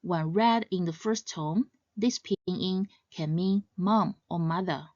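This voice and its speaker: A woman narrates a scripted lesson very slowly, setting out each point in a measured, explanatory way. Her voice sounds close and dry, with no room around it. The sound is a little dull and lo-fi. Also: fairly low pitch, a little mellow, no echo. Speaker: language teacher.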